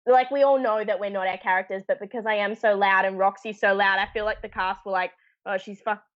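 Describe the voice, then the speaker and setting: A woman's voice: medium pitch, steady tone, fast. A young woman, telling a story in casual chat, acting out voices and laughing often. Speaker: actor guest. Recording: muffled lo-fi sound.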